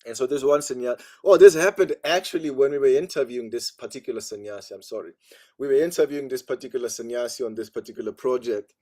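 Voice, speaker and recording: A man's voice: medium pitch, quick pace, warm tone. Conversational man teaching a spiritual class. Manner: conversational, frequent "you know" asides. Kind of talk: storytelling religious class. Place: online class.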